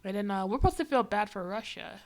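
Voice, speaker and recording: A woman's voice: mid-range voice, expressive, fast talker. A young woman streaming, giving sarcastic, exasperated reaction commentary.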